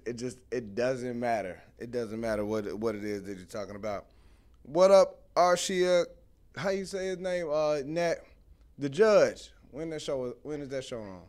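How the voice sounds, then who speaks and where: A young man hosting a casual live stream, telling lively stories and greeting viewers in the chat, speaking. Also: mid-range voice, smooth. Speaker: host.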